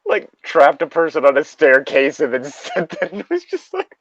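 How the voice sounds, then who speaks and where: A podcast co-host with a fairly bright, high-leaning voice swings hugely in pitch at normal speed while chatting casually and reading a creepypasta aloud. He swears freely, laughs a lot and rambles into asides. The lo-fi sound is slightly dull, with a little hiss or hum.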